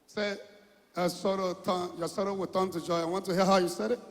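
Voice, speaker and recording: A Nigerian evangelist with a high voice leads his congregation, coaxing people to stand and repeating his phrases. His voice rings with the long reverb of a big church hall. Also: level tone, brisk. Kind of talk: sermon with congregation call-and-response.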